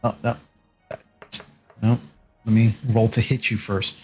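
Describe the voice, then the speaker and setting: A man running a tabletop game as dungeon master, narrating slowly with frequent fillers. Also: fairly low pitch, flat delivery, darkish tone, faint music behind. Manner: slow, halting narration with many fillers.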